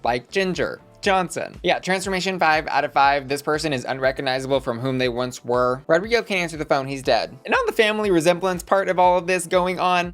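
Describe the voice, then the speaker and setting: A campy American woman hosts a casual reaction commentary, tossing out drag slang and playful asides. Her voice sits low for a woman. She talks in a quick, teasing, show-host manner.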